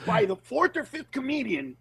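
Man, comedian, husky, high lively voice, storytelling, dry close mic. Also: moderate pace, no room sound, poor audio. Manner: animated storyteller, acts out voices with big pitch jumps. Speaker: comedian guest. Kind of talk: candid podcast conversation.

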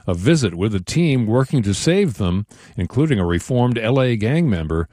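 A man announcing for a radio station, reading a promo in a measured way. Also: fairly low pitch, big pitch swings, dark tone, no echo, studio quality.

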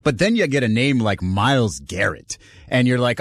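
Lively sports radio co-host, pitch swinging. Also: male voice, normal speed, no echo, studio quality. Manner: animated, swings pitch for emphasis. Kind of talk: casual sports talk.

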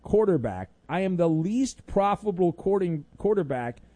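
A man's voice: mid-range voice, expressive, normal speed, warm tone, no room sound. A middle-aged man hosting a sports radio show, talking in a rambling, casual way with many fillers and wry asides.

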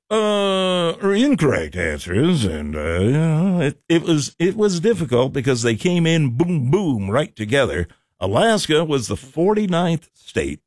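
Man, radio host, animated pitch, dry close studio mic, jokey and rambling. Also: no echo. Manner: jokey, rambling, talks to himself while fumbling equipment. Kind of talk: casual radio chat. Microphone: studio microphone.

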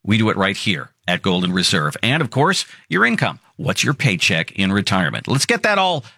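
A man hosting a financial radio show in an upbeat promo style, slowly repeating key details. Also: fairly low pitch, wildly swooping pitch, gravelly, pushed and bright, no echo. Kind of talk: radio show host pitch.

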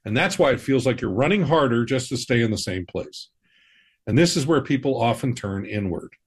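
Husky-voiced man explaining personal finance. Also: medium pitch, animated, brisk. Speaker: financial advisor, podcast host. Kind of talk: scripted personal-finance talk.

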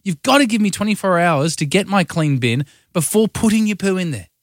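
A man with an Australian accent, co-hosting a radio show, chatty and quick to jump in. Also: sits high, expressive. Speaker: radio co-host. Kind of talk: casual radio banter.

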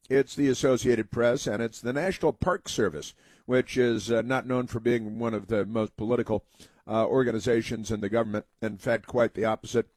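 An American man delivers a talk radio monologue, rambling and leaning heavily on fillers, sometimes mocking others with put-on voices. His pitch is ordinary and a little mellow, and the recording is dry and close with no room sound at all.

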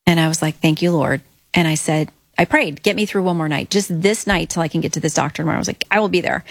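A woman's voice: fairly low pitch, dry recording. A middle-aged woman as an interview guest, telling an earnest personal faith story and acting out her own prayers.

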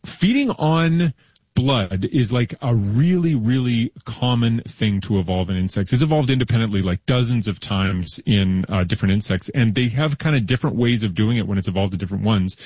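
A man's voice: fairly low pitch, normal speed, a little mellow, slightly rough, no echo, highs cut off. A man in his thirties or forties, co-hosting a casual science chat, explaining with enthusiasm and lots of fillers. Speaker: podcast co-host.

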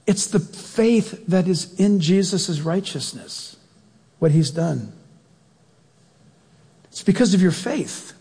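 A male preacher delivering an animated sermon, acting out voices and calling questions to his congregation. His voice is high and husky. It echoes with long reverb in a church hall. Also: slow pace, long pauses. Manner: animated, acts out quotes, questions the audience.

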